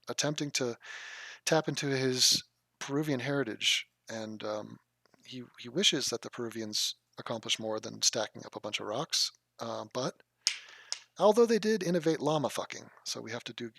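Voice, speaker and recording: Gravelly, profane streamer guy. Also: medium pitch, a bit bright, no room sound, studio quality. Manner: crude, mocking, swears freely. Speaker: livestreamer reading chat. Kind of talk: casual profane live-stream chat.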